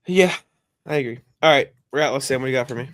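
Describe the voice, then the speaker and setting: A man's voice: mid-range voice, fast, no room sound. A man co-hosting a sports podcast in casual chat, rambling and swearing freely. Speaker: podcast co-host.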